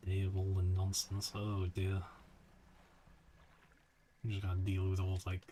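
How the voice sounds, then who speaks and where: Laid-back low-voiced male streamer. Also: monotone, a little slow, dark tone, slight background noise. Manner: laid-back, swears and laughs often. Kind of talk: casual gameplay commentary.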